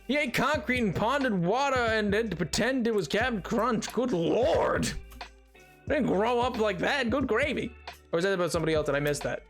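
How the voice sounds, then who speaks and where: A man's voice: high-pitched, lively intonation, moderate pace, a bit bright. A young man streaming a game, chatting casually in a goofy, rambling way. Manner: goofy, rambling, breaks into silly noises and sings along. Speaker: Minecraft streamer. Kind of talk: casual live-stream chat. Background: music playing.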